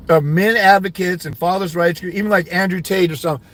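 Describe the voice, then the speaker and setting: A man's voice: high-pitched, fairly even intonation, fairly quick, a bit bright. A man giving fathers' rights custody advice, ranting indignantly during a livestream while answering comments.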